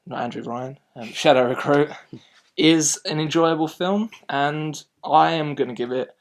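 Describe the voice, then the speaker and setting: A man hosting a casual film review chat, talking in a rambling, animated way and often restarting his sentences. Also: fairly high pitch, a little slow.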